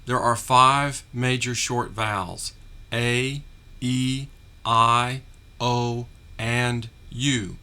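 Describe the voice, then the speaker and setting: A man teaching a phonics lesson, carefully articulating drawn-out vowel and consonant sounds. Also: mid-range voice, fairly even intonation, sharp tone, clean tone. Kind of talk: slow, deliberate phonics lesson.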